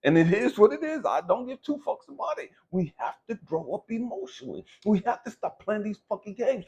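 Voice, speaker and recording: A man giving an impassioned motivational talk, preachy and profane, swinging from low musing to loud outbursts. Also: very animated, a little fast, creaky, hardly any pauses, breathy edge, highs cut off. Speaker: motivational speaker.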